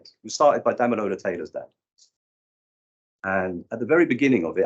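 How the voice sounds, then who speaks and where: Male speaker in his fifties, husky, acts out voices in his stories; lo-fi sound. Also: on the low side. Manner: animated storyteller acting out quoted people. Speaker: conference speaker. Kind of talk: live breakout session talk. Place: conference room.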